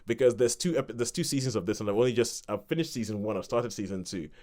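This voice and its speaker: A man's voice: on the low side, fast talker, darkish tone. A man co-hosting a podcast, chatting casually and rambling through a review with laughs between points. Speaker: podcast co-host.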